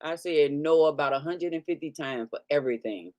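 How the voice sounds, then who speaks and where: A woman's voice: deep voice, fairly quick, few pauses, darkish tone. A middle-aged woman vlogging casually while eating, joking often and breaking into laughter, recorded close in a dry room. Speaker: mukbang vlogger.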